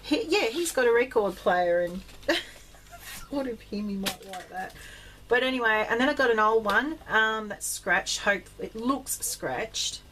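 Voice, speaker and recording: An Australian woman chatting casually in a rambling vlog about her craft finds, full of ums, with bursts of excitement. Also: on the high side, unhurried, a little hiss or hum. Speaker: craft vlogger.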